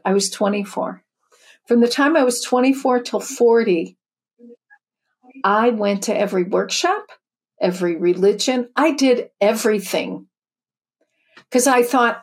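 A woman's voice: a little high, unhurried, long pauses. A woman in her fifties or older, a spiritual teacher and author, telling her story in an interview in an earnest, chatty way with many restarts.

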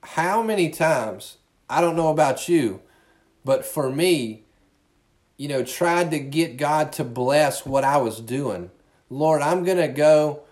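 A man's voice: on the high side, expressive, takes it slowly, darkish tone. A male pastor giving a conversational sermon, earnest and often repeating words as he restarts his sentences.

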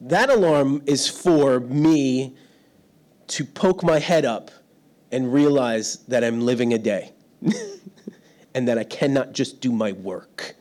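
A man's voice: medium pitch, slow pace, pauses often, darkish tone. A middle-aged man preaching a sermon in a church hall, telling stories about himself and laughing often. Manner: storytelling, self-deprecating, laughs often. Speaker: pastor. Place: church hall without windows.

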